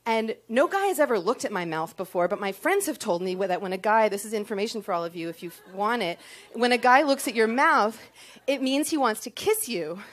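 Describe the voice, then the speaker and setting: A woman's voice: fairly high pitch, lively intonation, a little fast. Self-mocking young woman telling a story. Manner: self-deprecating, comic timing, frequent ums. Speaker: storyteller on stage. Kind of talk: personal storytelling before an audience.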